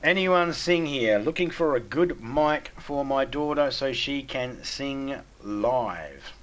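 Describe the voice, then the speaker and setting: A man's voice: mid-range voice, animated, slow, fairly bright tone. A middle-aged Australian man chatting bluntly with viewers on a live game stream, swearing freely and stumbling over restarts. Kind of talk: casual live-stream chat.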